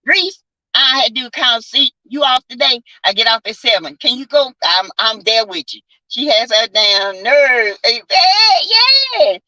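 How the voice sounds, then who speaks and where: A woman with a Southern American accent, telling stories in a sassy, animated casual chat, swearing and calling listeners honey and baby. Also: on the high side, moderate pace, no echo, low-quality recording. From South Carolina. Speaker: vlogger chatting with live viewers.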